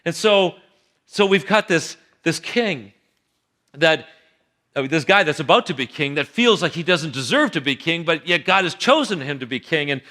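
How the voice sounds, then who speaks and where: Animated male pastor with a high, bright voice, storytelling sermon in church. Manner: animated storytelling, acts out characters.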